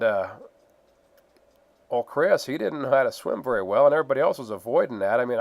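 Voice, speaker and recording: A man's voice: medium pitch, no room sound. A man casually narrating his own gold prospecting photos, rambling with fillers and laughs. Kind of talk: casual storytelling.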